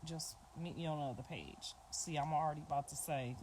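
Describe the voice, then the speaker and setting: A woman's voice: deep voice, fairly quick. A middle-aged woman chatting casually on a livestream, talking bluntly and repeating her points. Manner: blunt, repetitive, informal talk. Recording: clicking noise behind the voice.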